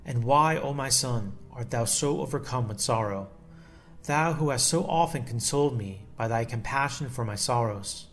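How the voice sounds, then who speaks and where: A man reading aloud the lines of a grieving holy mother in a solemn, measured devotional style with archaic phrasing. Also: medium pitch, lightly acted. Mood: consoling. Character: sorrowing mother of Jesus, grieving woman.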